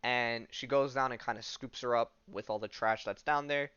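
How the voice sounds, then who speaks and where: A podcast host retelling a comic story casually, with lots of fillers and offhand asides. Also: male voice, medium pitch, steady tone, moderate pace, bright, forceful tone, smooth, lo-fi sound.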